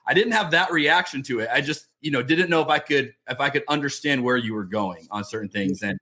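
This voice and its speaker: A man's voice: mid-range voice, animated, quick pace, hardly any pauses, pushed and bright. A middle-aged man hosting a podcast, talking casually with many restarts and fillers. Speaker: podcast host. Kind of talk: casual interview chat.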